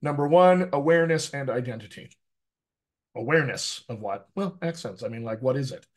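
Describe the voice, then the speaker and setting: Lively American man coaching actors. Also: mid-range voice, brisk. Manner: lively, teacherly, keeps asking "right?". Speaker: dialect coach. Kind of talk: live online coaching talk.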